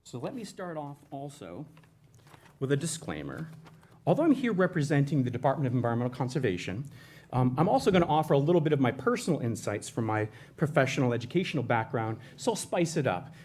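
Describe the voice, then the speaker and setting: A man's voice: medium pitch, big pitch swings, fast talker, darkish tone, husky. A man presenting for a state environmental agency, talking in a conversational way with frequent restarts and self-corrections. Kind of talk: educational presentation.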